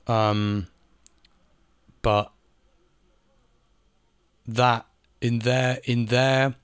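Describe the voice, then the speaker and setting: A man's voice: medium pitch, fairly even intonation, drawn-out words, clean tone, dry recording, clean studio sound. A man talking in a casual monologue, ranting, repeating phrases and swearing now and then. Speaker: video essayist. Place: home in Spain.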